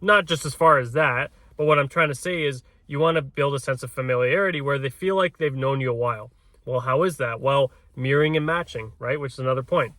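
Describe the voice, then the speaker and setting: A man's voice: mid-range voice, brisk, sharp tone, dry recording. A man who works as a realtor, coaching in casual talk, often ending points with "right?" and restarting his words. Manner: peppers sentences with tag "right?". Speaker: realtor coaching door knocking.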